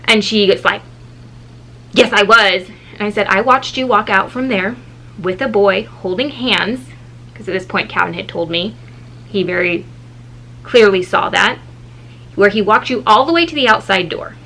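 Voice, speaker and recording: A woman in her thirties, a mother and vlogger, telling a story in a casual, animated way and acting out the people in it. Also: normal speed, long pauses, low-quality recording. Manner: animated, acts out quoted people with shifting pitch.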